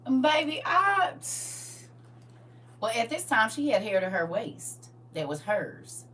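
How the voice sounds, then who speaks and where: A middle-aged woman hosting a livestream, telling family stories in a lively, laughing, colloquial way. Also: a little high, takes it slowly. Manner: animated, laughing, colloquial storyteller who talks straight to viewers. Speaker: livestream host. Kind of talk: casual storytelling chat. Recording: distant mic with faint hum.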